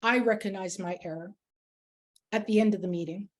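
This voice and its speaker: A woman's voice: medium pitch, a little fast. A woman leading a workplace workshop who talks in an earnest, emphatic way and tells personal stories to make her points. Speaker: workshop facilitator. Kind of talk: workshop talk with personal anecdotes.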